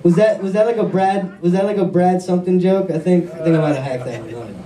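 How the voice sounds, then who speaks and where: A high-pitched man rattles through a stand-up set, excitable and poking fun at himself as he banters with the crowd. He is heard from a distance on a wireless mic in an echoey club. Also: brisk. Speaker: stand-up comedian. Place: comedy club stage with audience. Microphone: wireless handheld mic.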